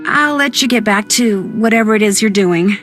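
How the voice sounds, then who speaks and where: A woman's voice: medium pitch, moderate pace, fairly bright tone, close to an everyday voice. An actress with an American accent voicing an earnest young female amateur detective in a video game, polite and plain-spoken. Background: faint game music.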